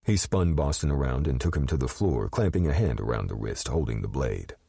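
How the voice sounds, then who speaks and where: A man narrating an audiobook in a measured, expressive storytelling manner. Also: rumbling low, creaky, husky, no echo, studio quality.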